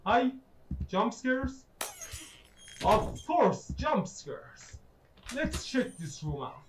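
A man's voice: very high voice, sing-song, very slow, background noise. A man giving let's play commentary on a horror game, jumpy and swearing, sarcastically greeting the monsters that jump out at him. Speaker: gaming YouTuber.

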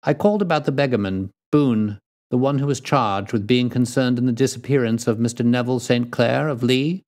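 A man doing a brisk, crisp old London detective. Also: mid-range voice, darkish tone, pitched above the performer's own voice, lightly acted.

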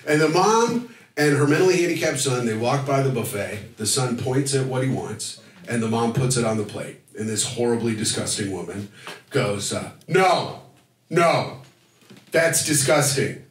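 A young man telling a stand-up comedy story on a club stage, animated and bursting into shouted punchlines. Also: mid-range voice, normal speed. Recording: roomy club sound from a distance. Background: audience laughter.

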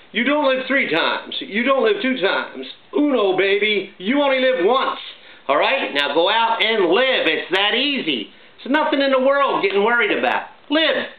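A middle-aged man hosting his own vlog, talking in a chatty, upbeat, jokey way full of shout-outs. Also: high voice, very animated, normal speed. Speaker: vlog host. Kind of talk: casual home vlog monologue. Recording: echoey, tinny phone-like sound, faint hiss.

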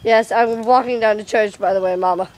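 A young woman vlogs to her camera at a fairly quick pace, her mid-range voice holding fairly even intonation. She giggles and swears casually, recording inside and then in a windy yard.

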